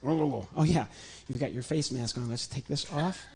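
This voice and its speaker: A man's voice: mid-range voice, normal speed, vocal fry, dark tone. A ventriloquist comedian from Illinois, a man doing a chatty, joking live act on a church stage and talking to his puppet.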